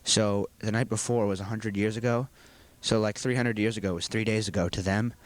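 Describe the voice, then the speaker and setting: A man's voice: lowish voice, fairly even intonation, a little fast. A teenage boy, a student actor, talking earnestly and at some length in a school video interview. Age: teens. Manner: earnest, rambling explanations.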